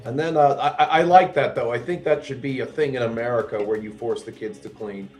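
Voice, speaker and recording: Co-host, man, mid-pitched, explains at length; faint music under him. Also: fairly quick, a little mellow. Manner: explains at length, mock-alarmed jokes. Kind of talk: casual chat.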